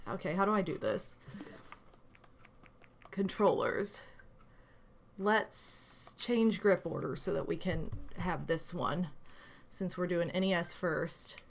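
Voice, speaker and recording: A woman's voice: on the low side, expressive, slow pace, gravelly, pauses often, sharp tone, slight background noise. A woman in her thirties streaming a retro game, chatting casually, gushing and reading game text aloud. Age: 30s. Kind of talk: casual gameplay commentary.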